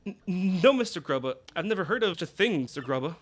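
A man voicing a reserved, formal female manager, speaking low and quietly. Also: sing-song, quick pace, breathy edge, full character voice.

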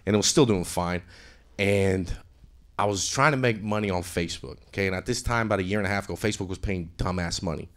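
A male stand-up comedian improvising a story on a club stage into a handheld mic, jumping between loud acted-out quotes and quiet mumbled asides. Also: deep voice, fast talker.

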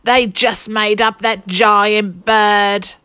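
A woman's voice: mid-range voice, fairly even intonation, very slow, bright, forceful tone, smooth, dry recording, voice pushed up. A woman reading aloud, voicing a greedy man thief in a storybook with a drawling, complaining voice. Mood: grumbling.

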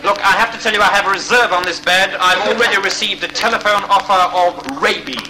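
Guy playing a doctor auctioning off a hospital bed, quick auctioneer patter, highish voice, hissy old tv sketch. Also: lightly acted. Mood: brisk. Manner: rattles off bids like an auctioneer. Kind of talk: sketch comedy acting. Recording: noisy old TV sketch recording.

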